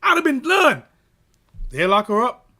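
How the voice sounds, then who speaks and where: A man hosting a boxing channel, telling a personal story in an animated, emphatic way and checking in with "right?". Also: extremely high pitch, measured pace. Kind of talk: casual storytelling rant.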